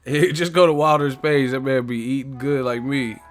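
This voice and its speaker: A young man hosting a casual live boxing stream, talking loud and profane, laughing often and mocking what he talks about. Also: medium pitch, moderate pace, soft background music.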